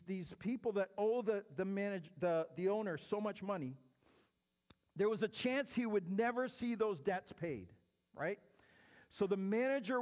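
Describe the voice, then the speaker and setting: Higher-voiced man teaching in a reverberant hall. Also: highs cut off. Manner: explanatory, often checks in with "right?". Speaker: pastor answering questions. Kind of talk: teaching sermon.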